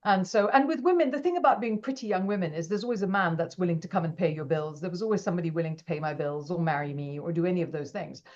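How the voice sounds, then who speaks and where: A woman, an interview guest, telling her story with animated energy and acting out the lines of people in it. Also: on the low side, fast, few pauses. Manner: animated, acts out quoted dialogue. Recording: dull lo-fi audio.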